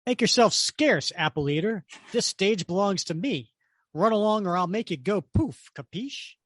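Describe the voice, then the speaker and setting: A man's voice: sits high, lively intonation, moderate pace, a bit bright, dry recording, studio quality, pitched above the performer's own voice. A man voicing a pompous, showy male villain stage magician with a grandiose, taunting delivery, read from a comic on a podcast.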